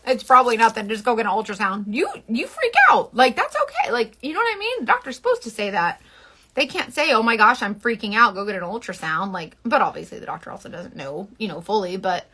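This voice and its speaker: Doing her makeup on a livestream, a Florida makeup seller talks her viewers' ears off, venting with animation, wandering off on tangents, and cursing. Her voice is slightly high, bright, and clear.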